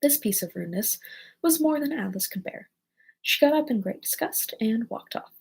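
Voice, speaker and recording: Gravelly, husky woman reading a storybook. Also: a little high, animated, moderate pace, darkish tone, poor audio. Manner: casual reading, slips and corrects lines. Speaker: reader. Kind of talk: storybook read-aloud.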